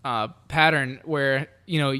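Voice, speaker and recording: A man's voice: mid-range voice, steady tone, a little slow, sharp tone, clean tone. A young man from the Southern United States co-hosting a podcast, chatting casually in a rambling, hesitant way with lots of fillers and restarts. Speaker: podcast co-host. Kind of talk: casual chat.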